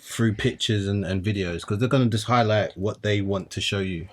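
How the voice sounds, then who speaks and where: A man, a podcast co-host who makes calm points in casual chat, repeating words as he goes. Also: on the low side, moderate pace. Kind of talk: casual chat among friends.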